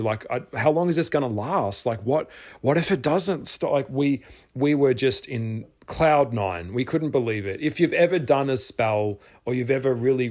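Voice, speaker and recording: Man, middle-aged, animated casual storytelling, mid pitch. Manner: animated, swears, acts out his own past shouts. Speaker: spiritual vlogger.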